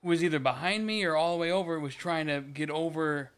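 Brief: young male co-host, somewhat high and clear voice, easygoing and swearing. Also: fast, fairly bright tone. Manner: laid-back, profane banter. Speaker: podcast co-host. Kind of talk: casual podcast chat.

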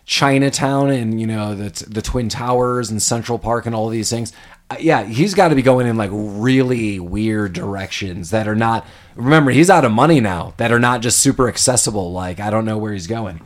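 A man's voice: lowish voice, moderate pace. A man hosting a podcast, casually recapping a movie scene by scene and acting out the characters' lines as he goes. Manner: animated retelling, acts out characters' lines. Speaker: podcast host.

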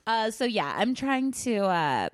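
A woman's voice: fairly high pitch, sing-song, measured pace, dry recording, clean studio sound. A woman guest on a podcast, telling stories animatedly, acting out quotes and swearing casually.

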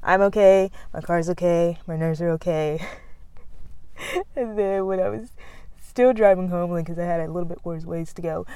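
A woman's voice: lowish voice, fairly even intonation, normal speed, warm tone, smooth, no echo. Rambling young woman chatting outdoors. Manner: rambling, laughs often, loses her words. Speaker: podcast host. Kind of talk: casual chat. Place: outdoors, near a road.

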